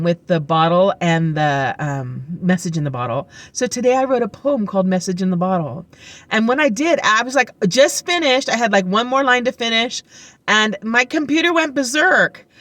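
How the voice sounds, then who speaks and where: A woman's voice: mid-range voice, a bit bright, dry recording. A woman vlogging to camera, telling chatty, rambling stories full of fillers, upbeat and heartfelt. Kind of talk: casual chat to camera.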